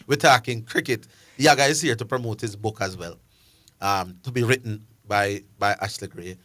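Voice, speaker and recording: A man's voice: lowish voice, normal speed, a bit bright. A man with a Jamaican accent hosting a live sports call-in radio show, chatting in a loose, bantering way. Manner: bantering, informal, loose phrasing. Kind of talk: casual live radio chat.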